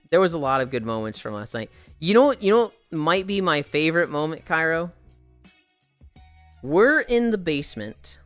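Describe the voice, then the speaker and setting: A woman streamer walks on a treadmill while chatting casually, telling animated, profane stories and sounding tired. Her voice is low, and there's no room sound.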